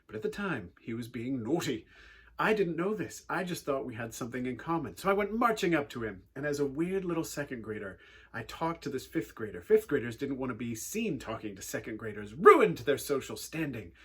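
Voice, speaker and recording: Animated English man telling a story. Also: medium pitch, a little fast, breathy edge. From England. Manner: animated storyteller, wry and earnest. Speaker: youth speaker. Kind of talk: personal storytelling talk.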